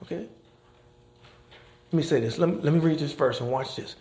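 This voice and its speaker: The chaplain-pastor speaks briskly in a fairly high, darkish voice, preaching to his congregation in a conversational style and asking "okay?" again and again. The sanctuary recording carries echo and faint noise.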